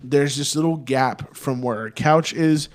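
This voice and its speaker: Unhurried and easygoing, this young podcast co-host from Texas rambles through a profane story in a casual voice. His pitch falls in a normal middle range.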